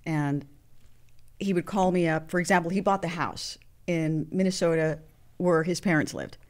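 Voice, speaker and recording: Earnest, halting woman telling her story. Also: on the low side, expressive, darkish tone. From Mexican heritage. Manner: earnest, halting, many restarts. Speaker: interview guest. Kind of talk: emotional personal storytelling.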